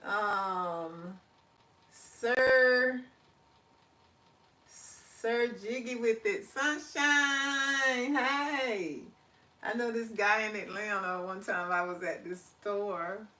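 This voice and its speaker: A woman's voice: mid-range voice, far from the mic. A woman hosting a casual live stream, reading out chat comments, laughing easily and closing with a spiritual encouragement. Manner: chatty, laughs often, drawls words slowly; warm encouraging sign-off with spiritual talk. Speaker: livestream host.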